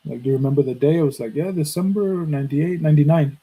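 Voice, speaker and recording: A man in his thirties from Mexico tells a personal story in a loose, cursing, animated way, acting out the voices of the people he met. His voice sits fairly high for a man and has a husky grain. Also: fast talker, rough recording. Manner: profane, animated, acts out quoted dialogue. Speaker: podcast host. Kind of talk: casual storytelling.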